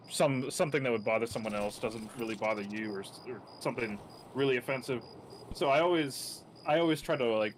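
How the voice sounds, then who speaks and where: A man's voice: mid-range voice, slight background noise, low-quality recording. A man in casual chat, talking in a reflective, rambling way, filling his speech with "like" and "um".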